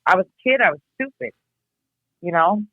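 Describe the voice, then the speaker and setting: A woman from Iowa giving a candid personal account, blunt and halting, swearing freely as she reflects. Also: mid-range voice, expressive. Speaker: guest, host's sister. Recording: tinny phone line.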